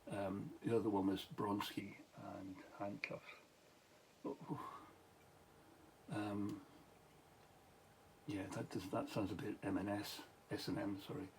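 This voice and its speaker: A man's voice: lowish voice, little pitch movement, moderate pace, a little mellow, a little hiss or hum, poor audio. Tired Scottish man rambling late at night. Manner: meandering, many restarts and asides, chuckles. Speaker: vlogger, former police officer.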